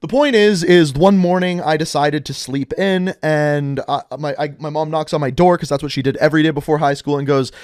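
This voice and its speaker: A young man tells a rambling high school story straight to camera. His voice sits a little high and the sound is dry and close. He keeps it chatty, full of asides and "like". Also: fairly even intonation, fairly quick, hardly any pauses, darkish tone, smooth, dry recording. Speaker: vlogger. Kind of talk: casual storytime narration.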